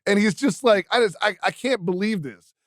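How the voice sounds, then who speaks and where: High-voiced man joking on a podcast. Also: dry recording, clean studio sound. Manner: joking, self-deprecating, quick laughs. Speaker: podcast co-host. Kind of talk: casual sports podcast chat.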